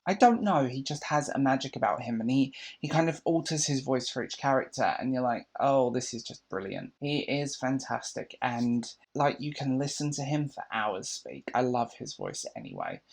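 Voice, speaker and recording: A man from Britain, a book vlogger, chatting casually and enthusiastically to camera, rambling with restarts. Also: medium pitch. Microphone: camera mic.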